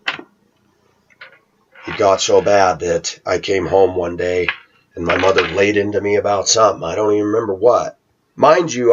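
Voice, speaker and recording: A man recounting a childhood story in a casual monologue, animated and acting out the voices of others. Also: fairly low pitch, husky. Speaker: vlogger. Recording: dull lo-fi home recording.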